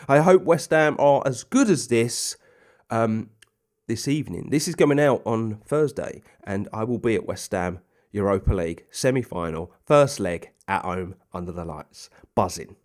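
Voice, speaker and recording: A young man casually commentating a football management game, chatty and rambling with plenty of ums and asides. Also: medium pitch. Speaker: gaming commentator.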